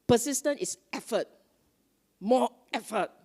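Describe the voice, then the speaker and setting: A woman's voice: on the high side, a little slow, slightly rough. A woman giving a conversational dharma talk at a Buddhist retreat, often asking her listeners questions. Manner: lively, conversational, asks the audience questions.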